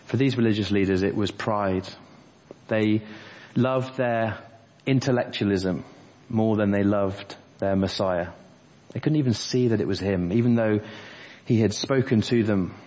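Husky preacher in a reverberant church. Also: male voice, lowish voice, unhurried, darkish tone. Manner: earnest expository preaching, quoting scripture verse by verse. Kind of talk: sermon. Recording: dull lo-fi church audio with long reverb.

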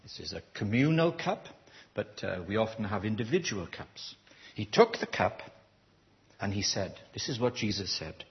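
A man preaching in a church service, questioning the congregation and leading a prayer with a slow, deliberate manner. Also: fairly low pitch, big pitch swings, dull audio. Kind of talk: interactive sermon.

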